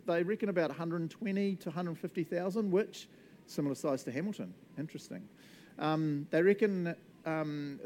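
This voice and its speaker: Casual NZ preacher, male, animated and jokey, warm mellow tone. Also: a little high. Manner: animated, laughing, acts out voices. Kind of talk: casual sermon.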